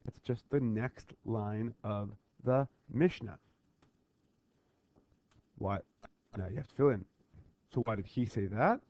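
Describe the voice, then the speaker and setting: A male teacher talking students through a worksheet on a Talmud text, with lively call-and-response drills and repeated checks for understanding. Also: mid-range voice. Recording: dull lo-fi voice recording.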